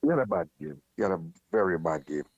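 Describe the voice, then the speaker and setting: A man with a low voice gives his frank opinions on football. He stumbles over his opening words and restarts them. The sound is dry and slightly dull. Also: big pitch swings, fast talker, gravelly, a little mellow, husky, no echo. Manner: blunt, critical, stammering restarts. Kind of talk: casual football chat.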